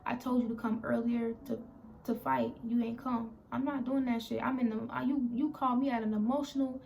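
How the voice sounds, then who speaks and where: A woman's voice: on the high side, fairly even intonation, brisk, vocal fry, darkish tone, a little hiss or hum. A young woman speaking tells a rambling, candid story in a storytime vlog and acts out what others said. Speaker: vlogger.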